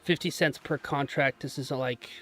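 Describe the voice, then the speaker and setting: A man's voice: medium pitch, fairly even intonation, normal speed, fairly bright tone, soft background music. A young man chatting casually on a live stream, joking about himself and cheering his trades on. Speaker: livestreaming day trader.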